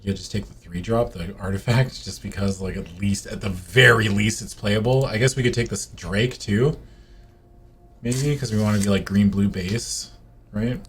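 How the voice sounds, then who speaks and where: A man's voice: lowish voice, moderate pace, slight background noise. A man co-hosting a card game stream, casually thinking aloud as he weighs picks. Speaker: co-host. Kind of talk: casual chat while drafting a card game.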